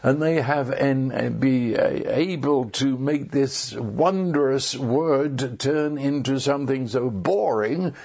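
A man delivers a sermon in a gravelly, husky voice. He speaks slowly, stumbling over restarts and repeated words, then rises into excited emphasis. His pace is deliberate and unhurried. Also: medium pitch. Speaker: preacher.

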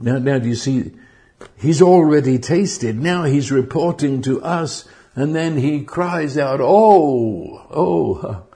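Slow, earnest male preacher. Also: medium pitch, warm tone. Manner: slow, earnest, building to fervent outbursts; repeats words when restarting. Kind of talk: sermon.

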